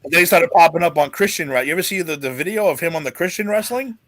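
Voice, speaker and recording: A man's voice: a little high, expressive, quick pace, a bit bright. A man hosting a casual podcast chat, telling a long rambling story with restarts and swearing. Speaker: podcast host.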